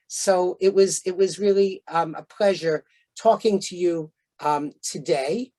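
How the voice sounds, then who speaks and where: A man's voice: sits high, moderate pace, dark tone. Man giving a conversational lecture. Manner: conversational, anecdotal, frequent fillers. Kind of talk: storytelling lecture.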